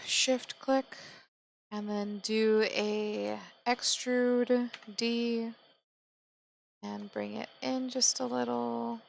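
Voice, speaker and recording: Woman, software tutorial, gravelly, unhurried, calm step-by-step instructions. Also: on the high side, no room sound, poor audio. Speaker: 3D modeling tutor. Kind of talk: screen-recorded software tutorial narration.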